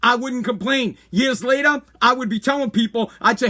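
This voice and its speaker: Man, high bright voice, heated profane rant, repetitive, blunt. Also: normal speed, hardly any pauses. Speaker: podcast host. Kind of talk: opinion rant.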